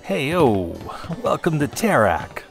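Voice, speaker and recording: A man's voice: on the high side, sing-song, slow, full character voice. A man voicing a cocky, vain young pilot with a smug, brash way of talking, over background music.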